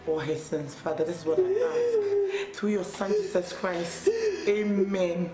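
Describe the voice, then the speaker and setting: A woman's voice: mid-range voice, huge pitch swings, measured pace. A woman with a Ghanaian accent acting in a film drama, consoling and praying aloud. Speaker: actor. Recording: echoey room with loud music.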